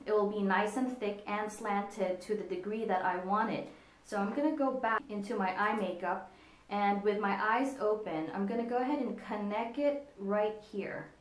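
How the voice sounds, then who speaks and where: A woman walks through a casual makeup tutorial, explaining each step as she works on herself. She speaks into a computer camera at her desk, and her voice carries a noticeable room echo. Her pitch sits in an ordinary middle range. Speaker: makeup vlogger. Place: indoors at a desk with a monitor. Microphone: computer camera in front of her. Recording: echoey room.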